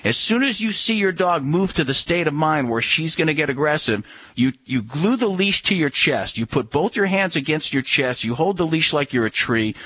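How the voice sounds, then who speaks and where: A man's voice: on the high side, expressive, moderate pace, sharp tone, no echo. A man giving firm, instructive dog-handling advice in a casual radio chat.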